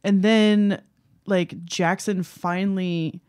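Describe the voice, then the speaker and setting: A young woman co-hosting a casual podcast, animated and laughing often as she acts out quotes in exaggerated voices. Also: mid-range voice, takes it slowly. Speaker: podcast co-host. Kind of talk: casual chat reviewing a book.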